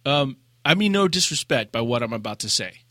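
A man co-hosting a casual gaming podcast, telling a raid story with lively acted-out quotes and laughter. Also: mid-range voice, brisk, no echo, clean studio sound. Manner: animated storyteller, acts out quotes. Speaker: podcast co-host.

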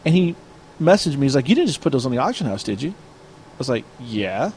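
A man's voice: mid-range voice, very animated, brisk, darkish tone, a little hiss or hum. A man chatting casually, telling a long story and acting out both sides of an argument. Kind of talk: casual chat.

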